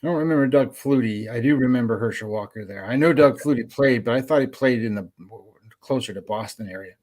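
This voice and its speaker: Guy co-hosting a betting show, mid-pitch, lots of ums, rambly and restarting. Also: fairly quick, a little mellow. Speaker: sports betting show co-host. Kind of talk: casual sports betting chat.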